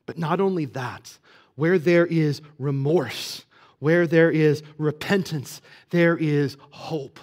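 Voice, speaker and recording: A male pastor with a notably high voice delivers a sermon in a relaxed, conversational way. He drops into quiet, intimate asides and rises to emphatic peaks, checking in with rhetorical questions along the way. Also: slow pace. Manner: swings from hushed to emphatic.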